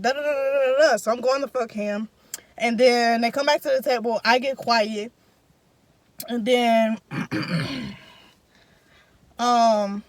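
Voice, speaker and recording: A woman's voice: on the high side, dry recording. A young woman in casual storytime, telling a story with emphatic, profanity-heavy slang. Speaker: vlogger.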